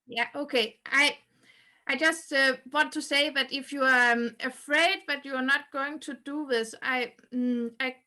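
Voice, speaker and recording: A woman's voice: high voice, steady tone, measured pace, pushed and bright. A woman guest on a podcast over a video call, answering hesitantly with many restarts and fillers. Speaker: guest cartoonist. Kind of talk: interview answers.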